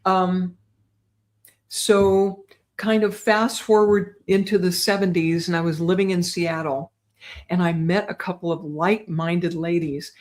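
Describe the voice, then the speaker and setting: An older woman, a guest on an interview show, chatting in a lively way and often checking in with "right?". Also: on the low side, measured pace. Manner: chatty, animated, tags lines with "right?". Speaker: guest psychic medium. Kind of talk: casual storytelling interview.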